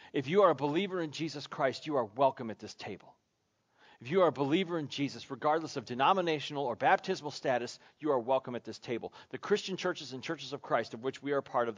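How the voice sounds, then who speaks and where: A man preaching a sermon as pastor, building with repeated phrases in a fervent preaching cadence. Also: medium pitch. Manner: impassioned, repetitive preaching cadence.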